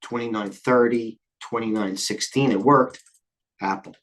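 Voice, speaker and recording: An older man hosting a live trading stream, talking quickly and jumping between stock tickers, a little out of breath. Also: mid-range voice, steady tone, a bit bright. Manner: rapid, scattered, jumps between tickers. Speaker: trading show host. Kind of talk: live market commentary.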